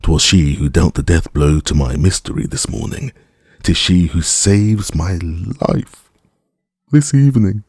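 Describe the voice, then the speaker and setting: A man's voice: deep voice, expressive, measured pace, a little mellow, breathy edge, no room sound, studio quality, pitched above the performer's own voice, full character voice. A man voicing a vain, dreamy young poet who speaks in a florid, theatrical way. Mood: musing.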